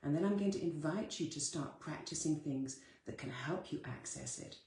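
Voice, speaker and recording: A woman's voice: sits low, normal speed, mellow, roomy sound. A woman giving a live-streamed motivational talk, earnest and direct, repeating her key phrases to her listeners. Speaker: spiritual coach.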